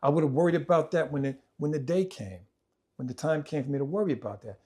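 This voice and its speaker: Man retelling a hard childhood story. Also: quick pace. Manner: vivid, repetitive retelling that acts out family members' voices; swings between loud, animated stretches and quiet, low passages. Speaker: podcast host telling his life story. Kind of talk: personal storytelling in conversation.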